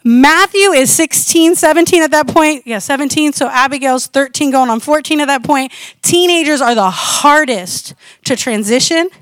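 Lady in her 40s sharing a missionary testimony, high voice, dry close sound, chatty storyteller. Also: normal speed, dry recording. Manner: animated storytelling, conversational. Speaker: missionary speaker. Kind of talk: testimony sermon.

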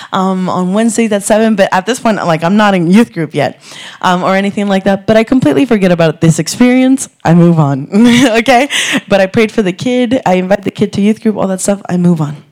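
A woman's voice: medium pitch, lively intonation, normal speed. A young woman in her twenties sharing a testimony at church, nervous and earnest, rambling with many fillers. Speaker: youth director.

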